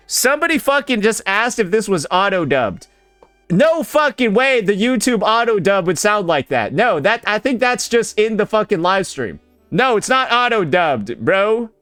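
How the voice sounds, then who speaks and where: A man's voice: sits high, a bit bright. Swearing, incredulous gaming YouTuber man. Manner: blunt, incredulous, keeps saying bro. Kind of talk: profane reaction commentary.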